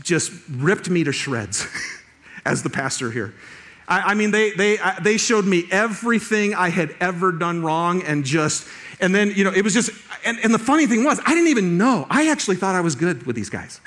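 A middle-aged male pastor with a high-sitting voice preaches a sermon. He tells a personal story marked by lively restarts and laughter.

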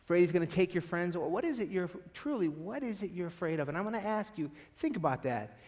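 A man's voice: high-pitched, quick pace. A man pastor preaching a sermon, telling stories and acting out the voices in them. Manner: animated storytelling, acts out quoted voices.

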